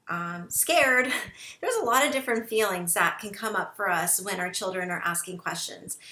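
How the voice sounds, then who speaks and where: A woman's voice: medium pitch, pushed and bright, roomy sound. A woman teaching parents in an encouraging instructional talk, often checking in with the listener. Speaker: parent educator.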